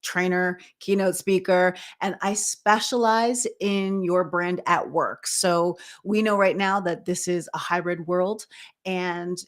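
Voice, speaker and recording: A woman's voice: on the low side, steady tone, takes it slowly. A woman from Canada with a Canadian accent, a podcast guest introducing her branding work in an enthusiastic, polished way. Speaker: guest, personal branding strategist. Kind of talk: podcast interview.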